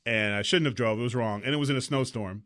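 A man co-hosting a talk show, telling rambling, animated anecdotes in casual chat. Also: medium pitch, fast talker. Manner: slips into mock voices.

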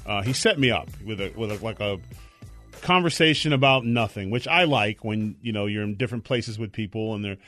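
A man's voice: on the low side, fairly quick, fairly bright tone, faint music behind. A man co-hosting a podcast, casually telling a story and acting out other people's lines. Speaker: podcast co-host.

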